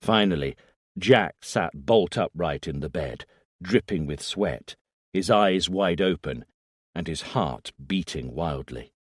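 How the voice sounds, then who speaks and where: A man narrating a thriller audiobook in a measured, low-key way on a close mic. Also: animated, breathy edge, no room sound. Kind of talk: scripted narration.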